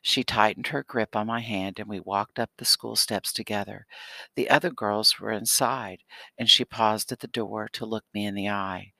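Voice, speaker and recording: Low, bright-voiced man narrating. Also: steady tone, normal speed, vocal fry, no room sound. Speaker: audiobook narrator. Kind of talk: scripted audiobook narration.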